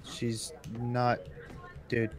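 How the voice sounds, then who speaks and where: A man's voice: medium pitch, completely flat delivery, very slow, crowd noise. A man chatting casually while playing a game with friends, laid-back and a little teasing. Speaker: co-player. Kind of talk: casual gaming chat.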